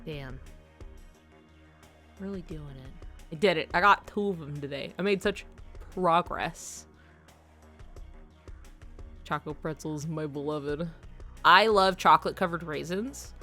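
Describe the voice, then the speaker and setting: A woman's voice: low voice, takes it slowly, pauses often, pushed and bright, faint music behind. A young woman streamer chatting casually while she plays, rambling with lots of fillers and frequent giggles. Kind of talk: casual chat while gaming.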